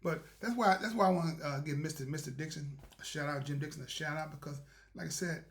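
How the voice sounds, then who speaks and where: On the high side and a bit bright, this man's voice moves quickly as he hosts a motivational program. He tells a rambling, folksy story about doing right and gives spiritual encouragement, storytelling casually on his own.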